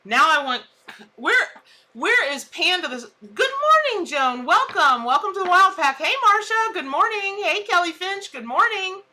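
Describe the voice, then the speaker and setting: Chatty woman with a very bright voice. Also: very high-pitched, lively intonation, moderate pace, slight background noise. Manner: chatty, exclamatory, laughs at her own jokes. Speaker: tarot reader. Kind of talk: casual live-stream chat.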